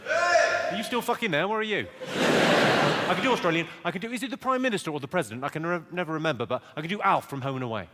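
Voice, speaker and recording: A man with a southern English accent doing stand-up in a large theatre, trading dry, deadpan one-liners and teasing the crowd. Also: on the high side, rapid-fire, heavy background noise. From England. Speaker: stand-up comedian. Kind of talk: stand-up comedy with crowd work.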